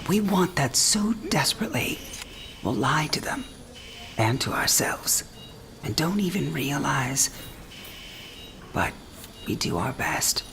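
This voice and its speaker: A woman's voice: sits low, big pitch swings, slow pace, gravelly, pauses often, noisy background, exaggerated voice. A wry dying old woman. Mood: tender. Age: older. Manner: teasing, frank and tender. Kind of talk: game cinematic voice acting.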